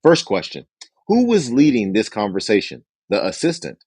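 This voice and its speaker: Husky low-voiced man reading aloud. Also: huge pitch swings, normal speed, darkish tone, dry recording. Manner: acts out phone dialogue with raised pitch for characters. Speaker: host reading a business book aloud. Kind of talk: book reading with commentary.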